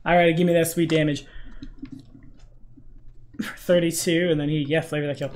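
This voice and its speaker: A man running a tabletop game as game master, narrating in a relaxed, chatty way with casual fillers. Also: fairly high pitch, normal speed, slight background noise.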